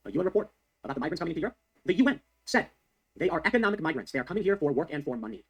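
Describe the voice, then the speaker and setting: A man's voice: fairly high pitch, sing-song, very fast, fairly bright tone, husky. A man delivering heated, sarcastic political commentary on the news, repeating his points for emphasis. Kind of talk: fast ranting news commentary.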